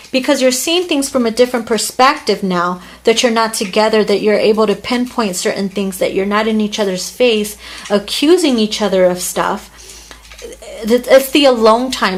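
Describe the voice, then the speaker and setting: A woman's voice: medium pitch, slight background noise. A woman giving a heartfelt, casual tarot reading to camera. She talks earnestly, with restarts and fillers, and is moved at times. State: emotional, near tears at times. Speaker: tarot reader.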